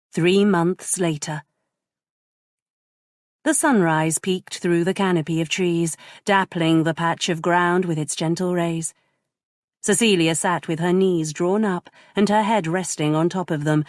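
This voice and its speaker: A woman narrating a romance audiobook in a measured, gentle way. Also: fairly low pitch, no echo, studio quality.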